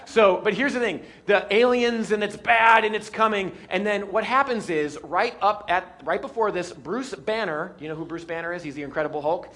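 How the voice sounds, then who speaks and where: Male pastor, high voice, playful sermon delivery that leans on jokes and acted-out bits. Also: normal speed, hardly any pauses. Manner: lively, joking, acts out scenes.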